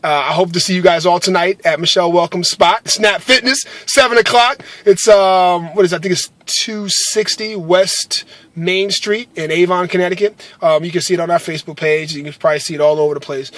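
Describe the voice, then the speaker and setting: A man's voice: high-pitched, fairly quick, fairly bright tone, dry recording. A man telling a personal faith story to camera in earnest, casual chat, full of fillers and tag questions. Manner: earnest, with many fillers and repeated "right?". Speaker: vlogger sharing a faith story.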